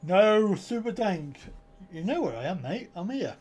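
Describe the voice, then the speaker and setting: A man's voice: high-pitched, big pitch swings, takes it slowly, darkish tone, slightly rough. A middle-aged man, hosting a casual live stream with jokey, chuckling banter from home. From United Kingdom.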